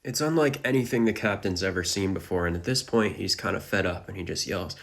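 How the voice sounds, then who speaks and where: Deep gravelly man recapping a manga. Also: a little fast, hardly any pauses, fairly bright tone. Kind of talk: storytelling recap narration.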